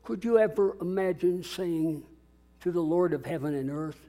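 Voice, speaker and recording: A man's voice: sits high, normal speed, dark tone. A man preaching a sermon as a pastor, dramatic and calling out to his congregation. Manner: dramatic, call-and-response preaching.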